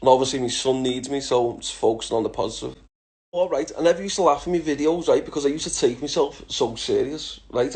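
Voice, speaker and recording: A man's voice: on the high side, warm tone. A man in his thirties with a Liverpool accent, answering follower questions in a blunt, laughing, heavily swearing chat. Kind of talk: casual Q&A chat.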